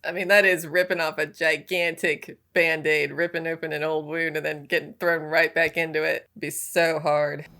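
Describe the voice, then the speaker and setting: A woman's voice: deep voice, moderate pace, few pauses. A young woman from Alabama with a Southern accent, chatting casually and laughing as she reacts to a film. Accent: Southern American. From Alabama, USA. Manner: chatty, laughs often, animated asides. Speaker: movie reaction host. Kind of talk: casual movie reaction commentary. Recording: music from the film behind the voice.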